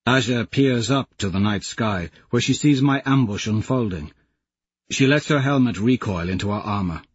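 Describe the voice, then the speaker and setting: A man narrating an audiobook in the first person, in a measured storytelling manner. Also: mid-range voice, breathy edge, no room sound, dull audio.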